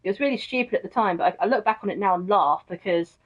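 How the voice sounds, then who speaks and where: A woman's voice: medium pitch, fast talker. Young woman streamer, chatty rambler with fillers and laughter, mid voice, muffled recording. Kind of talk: casual storytelling chat. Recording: dull lo-fi mic.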